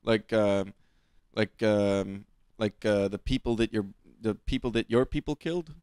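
A young man guesting on a podcast, trading quick jokes and crude quips in casual chat. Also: on the low side, darkish tone, smooth, dry recording, studio quality. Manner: jokey, quick quips and goofy voices.

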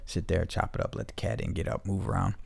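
A man's voice: low-pitched, fairly even intonation, fast, creaky, slightly rough, no room sound. A man hosting a podcast from home, chatting loosely and swearing freely in a heartfelt, rambling way. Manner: loose, profane, heartfelt talk. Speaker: podcast host. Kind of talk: casual rambling chat.

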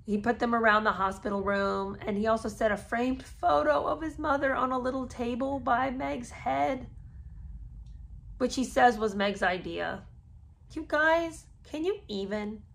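A woman's voice: on the high side, moderate pace, vocal fry. A woman podcast host, a mother of three, reads a memoir aloud and breaks off into sarcastic, incredulous asides. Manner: sarcastic, incredulous asides between read passages. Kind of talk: reading a memoir aloud with commentary.

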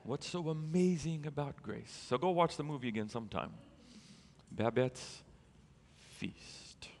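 A man preaching a sermon as a pastor, telling a story in an animated way and building to emphatic peaks. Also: medium pitch, moderate pace, in a large hall, a little hiss or hum.

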